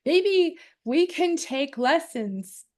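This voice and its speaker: A woman's voice: sits high, lively intonation, drawn-out words, darkish tone. A woman co-hosting a casual chat on clan history and family research, often reading aloud from a booklet. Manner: chatty, reads aloud from a booklet. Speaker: co-host.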